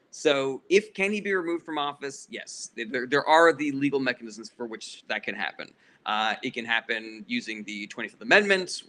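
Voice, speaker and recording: Fast, bright-voiced man ranting profanely. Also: medium pitch. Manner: heated, profane, blunt political ranting. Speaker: livestream host answering chat questions. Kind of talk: casual livestream Q&A.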